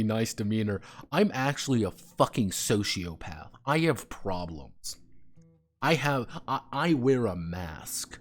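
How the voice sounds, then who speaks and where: A man chatting casually on a stream, rambling with stumbling restarts and profane banter. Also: medium pitch.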